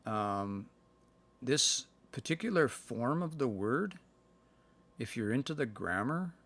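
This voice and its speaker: A man from Canada giving a casual livestream language lesson, thinking aloud and slowly sounding out words between fillers. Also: mid-range voice, lively intonation, a bit bright. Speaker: language learner sharing practice phrases. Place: indoors, livestream. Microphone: phone.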